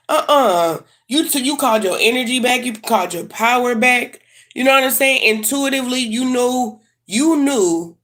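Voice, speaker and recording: A woman's voice: medium pitch, fairly bright tone. A woman giving a casual tarot reading to camera, blunt and slangy. She swears freely and repeats herself for emphasis. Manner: emphatic and repetitive. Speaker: tarot reader.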